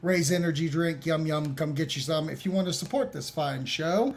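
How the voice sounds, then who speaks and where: A man co-hosting a podcast in casual banter, joking and laughing often, reading sponsor plugs in quick bursts. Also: a little high. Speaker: podcast co-host.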